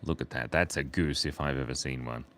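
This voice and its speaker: An Australian man streaming live, chatting playfully with his viewers while he draws and murmuring softly as he sketches. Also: rumbling low, fairly quick, slight background noise. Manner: playful, reads chat aloud, murmurs softly while drawing. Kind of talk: live-stream drawing chat.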